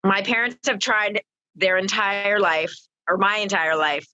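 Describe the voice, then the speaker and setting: A woman co-hosting a podcast, loud and excitable, laughing often. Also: medium pitch, a little slow, no room sound, highs cut off. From Canada. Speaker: podcast co-host. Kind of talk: casual podcast chat. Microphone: office microphone, dry close sound.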